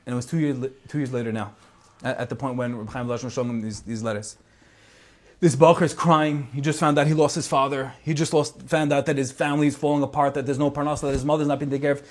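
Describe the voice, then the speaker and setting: A man's voice: mid-range voice, fairly even intonation, fast talker. A man telling a story in a sermon, earnest and emphatic, repeating words for weight. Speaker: speaker.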